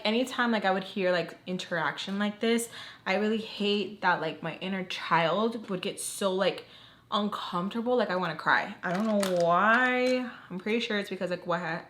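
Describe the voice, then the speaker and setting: A woman's voice: mid-range voice, fairly bright tone. A young woman telling a storytime vlog. She talks in a loose, chatty way and fills almost every phrase with "like". Her voice sits in an ordinary middle range for a woman. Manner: chatty, says "like" constantly, emotional retelling. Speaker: vlogger.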